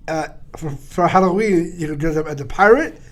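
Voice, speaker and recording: A man co-hosting a casual podcast, who hesitates and fills pauses with many ums and uhs. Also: on the high side. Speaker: podcast co-host.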